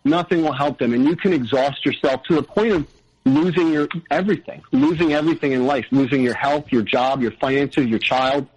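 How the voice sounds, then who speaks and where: A man telling his personal story as a podcast guest, earnest and halting, often restarting his sentences. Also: mid-range voice, a little mellow, slightly rough. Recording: dull lo-fi audio.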